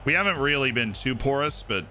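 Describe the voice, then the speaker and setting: A man live-streaming a football manager game, commenting on the match like a sports caster and bursting into shouts at goals. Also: medium pitch, expressive, brisk. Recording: game music clearly playing behind. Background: game music.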